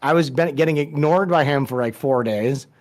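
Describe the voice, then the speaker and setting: A man's voice: a little high, normal speed, a little mellow. Profane rambling man telling a story. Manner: profane, rambling, restarts and mumbles. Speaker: podcast guest. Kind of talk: casual storytelling interview.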